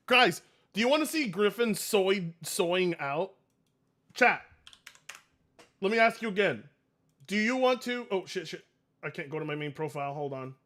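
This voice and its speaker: A man in his late twenties reacting to clips on a live stream, excitable, laughing often and swearing. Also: high-pitched, normal speed, long pauses. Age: 20s.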